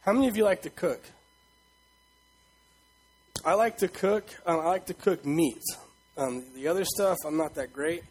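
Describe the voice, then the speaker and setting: Husky-voiced pastor preaching conversationally. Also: male voice, a little high, moderate pace, pauses often, poor audio. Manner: conversational preaching, asks the congregation questions, voices God emphatically. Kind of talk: sermon.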